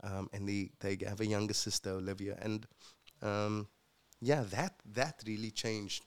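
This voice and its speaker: Steady, unhurried, and clean, this fairly low male voice comes from a South African man. Appearing as a guest who will become co-host, he reflects earnestly on his life story in a casual interview, with frequent fillers.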